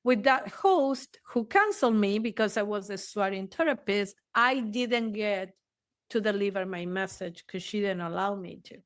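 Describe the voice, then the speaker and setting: A woman therapist talking frankly in an interview, swearing freely and choosing her words deliberately. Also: mid-range voice, lively intonation, no echo, studio quality. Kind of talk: casual interview talk.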